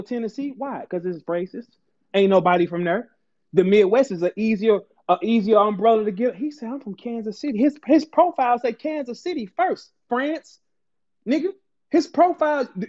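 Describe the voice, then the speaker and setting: St guy going off, high voice, cussing nonstop, muffled lo-fi stream sound. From St. Louis, Missouri. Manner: loud, aggressive, profane, rapid repetition. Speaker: battle rapper ranting on a stream. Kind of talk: heated profane rant.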